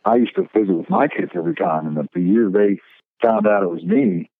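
A middle-aged man who works as a professional Santa Claus, telling stories in a relaxed, chatty way. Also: low voice, a little fast, dry recording. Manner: relaxed storyteller, acts out voices in his tales. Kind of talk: casual podcast storytelling. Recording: thin phone-like line.

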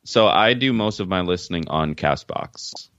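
A man's voice: low voice, animated, moderate pace, fairly bright tone, dry recording, highs cut off. A man from Jamaica, a podcast guest, answering questions in a frank, easygoing way. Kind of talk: casual interview answers.

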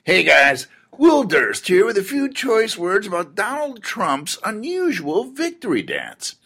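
A man's voice: high voice, wildly swooping pitch, unhurried, bright, forceful tone. A male political comedian delivering scripted comedy commentary with a punchy, theatrical delivery.

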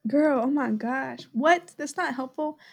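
Young Texan woman, high-pitched, playful co-host who laughs easily. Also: gravelly. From Texas. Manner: giggly, joking, quick to laugh. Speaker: podcast co-host. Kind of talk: casual chat.

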